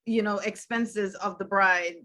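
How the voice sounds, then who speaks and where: A woman's voice: mid-range voice, fairly even intonation, a little slow, bright, forceful tone. Woman host posing questions, teasing. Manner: asks questions, sets up scenarios, teasing. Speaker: talk show host. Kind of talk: casual chat.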